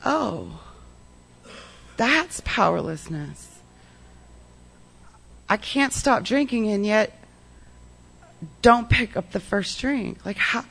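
Candid recovery share, talks real animated, lots of "like" and "you know", acts out old convos, mid-pitched voice. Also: takes it slowly, gravelly, pauses often. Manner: peppers speech with "like" and "you know". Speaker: recovery meeting speaker. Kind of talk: personal recovery story told to a meeting.

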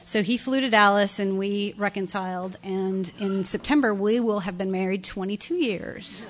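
A woman's voice: mid-range voice, moderate pace, noisy background. Candid middle-aged woman sharing her recovery story. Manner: candid, conversational, with soft laughs and repeated phrases. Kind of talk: personal testimony at a recovery meeting. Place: meeting room with an audience.

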